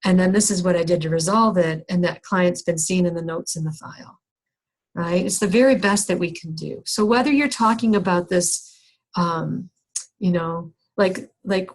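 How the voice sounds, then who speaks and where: A middle-aged woman with a slightly low voice tells a personal story to a workshop group. She is candid and self-deprecating, stumbling and restarting as she talks things through. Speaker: counselor teaching a skills session.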